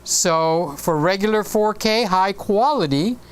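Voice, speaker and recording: A man's voice: sits high, lively intonation, unhurried, smooth. A man in his sixties hosting a casual live stream, rambling chattily and reading viewer comments aloud. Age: 60s.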